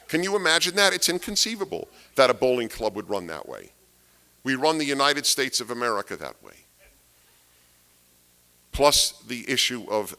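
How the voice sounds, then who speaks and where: Bright-toned emphatic man lecturing. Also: mid-range voice. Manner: emphatic, rhetorical questions, repeats key phrases. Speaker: speaker giving a talk. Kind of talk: political lecture to an audience.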